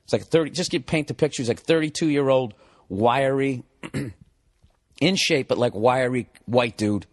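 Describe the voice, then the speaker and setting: A male comedian, a guest in a podcast studio, tells a profane comic story into a studio mic at a measured pace. He sinks into low mutters, then climbs into high, excited rants.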